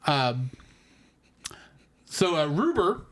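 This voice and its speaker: Young guy rambling through a movie review, bouncy voice, kinda high. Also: very slow. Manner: animated, rambling with repeated words. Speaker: podcast co-host. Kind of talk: casual movie review chat.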